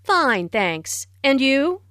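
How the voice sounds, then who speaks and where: A woman's voice: mid-range voice, lively intonation, measured pace, a bit bright, dry recording, studio quality. A woman reading the part of a young female student in a scripted language-lesson dialogue, in a plain, polite conversational way.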